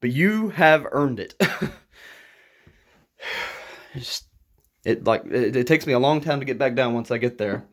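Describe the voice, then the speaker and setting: A man talking to camera in a frustrated, agitated rant, breaking into nervous laughs, his voice jumping higher when worked up. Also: lively intonation, a little slow, long pauses. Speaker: YouTuber.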